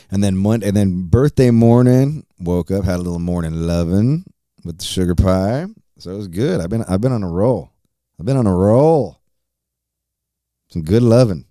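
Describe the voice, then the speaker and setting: Rambling and profane, this podcast host in his forties chats on his own show and laughs frequently. His voice sits low with a dark tone, recorded at studio quality without echo.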